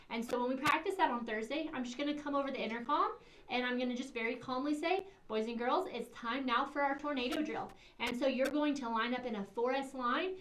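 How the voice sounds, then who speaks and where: A woman's voice: sits high, a bit bright. A middle-aged woman giving morning announcements to schoolchildren in a sing-song, teacherly way. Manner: sing-song teacherly, acts out kids' lines. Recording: echoey room, far from mic, faint hiss.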